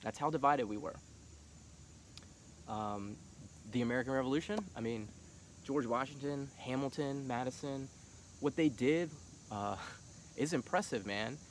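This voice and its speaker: Middle-aged man, casual monologue, passionate, lots of fillers, mid-pitched voice. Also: a little slow, long pauses, a little hiss or hum. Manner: passionate, rising to heated shouting; casual, filler-heavy talk. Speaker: vlogger.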